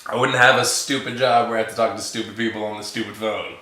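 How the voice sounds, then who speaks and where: A man's voice: fairly low pitch, fairly even intonation, quick pace, bright, forceful tone, reverberant. A man casually telling a funny story about his wife, laughing often and quoting her lines. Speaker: guest husband telling a story.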